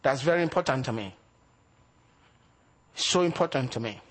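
Preaching from the pulpit, this man speaks at a medium pitch and normal speed, expressive throughout. He shifts from booming emphasis to hushed asides while asking rhetorical questions, and a faint hiss or hum runs under the recording.

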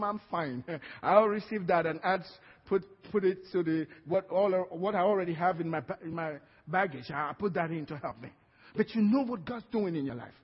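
Male pastor with a Nigerian accent, high and husky, emphatic call-and-response preaching; lo-fi church recording. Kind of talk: sermon. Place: church hall. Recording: dull lo-fi sound with long hall reverb.

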